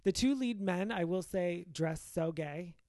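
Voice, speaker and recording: Man, high voice, teasing, wry, dry close recording, casual chat. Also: measured pace, dark tone, no room sound. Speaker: podcast co-host.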